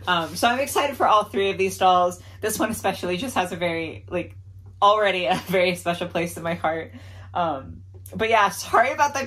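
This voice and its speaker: A woman casually chatting through a doll haul video, talking with lots of fillers and soft laughs, openly emotional and grateful. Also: fairly low pitch, a little hiss or hum. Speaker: doll collector vlogger.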